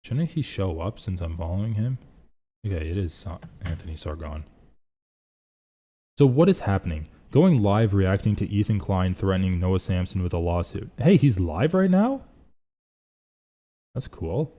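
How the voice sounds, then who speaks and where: A man's voice: low voice, big pitch swings, normal speed, pauses often, mellow. A young man hosting a casual live reaction stream, rambling and thinking aloud as he reads chat.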